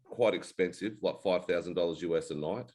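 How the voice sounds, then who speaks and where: A man's voice: deep voice, fairly quick, darkish tone. A man in his forties with an Australian accent, co-hosting a casual chat and telling rambling, laid-back stories with plenty of swearing. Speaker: co-host.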